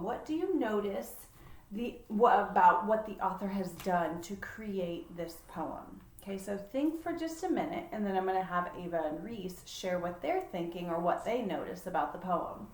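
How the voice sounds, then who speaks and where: A woman leading a poetry lesson for children, talking in a slow, encouraging way with frequent fillers. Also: medium pitch, a little mellow, a little hiss or hum. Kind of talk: patient lesson for children, reading a poem aloud. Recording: echoey room, distant mic.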